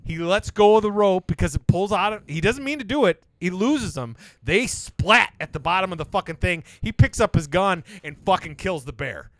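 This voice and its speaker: Man, higher voice, dry close sound, casual podcast, swearing storyteller. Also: moderate pace, hardly any pauses, dry recording. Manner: animated storyteller, swears a lot, jumps high when excited. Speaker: podcast co-host. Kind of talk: casual chat.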